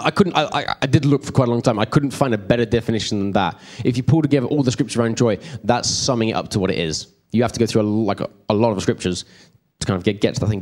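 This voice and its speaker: A man's voice: on the low side, a little mellow. A man teaching a church group in a casual, rambling way, often checking in with his listeners. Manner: chatty, rambling, checks in with the room. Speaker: preacher.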